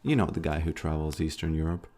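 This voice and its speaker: A man's voice: very deep voice, fast talker, a little mellow, faint music behind. A man chatting casually on a live stream, rambling and hesitant with many restarts.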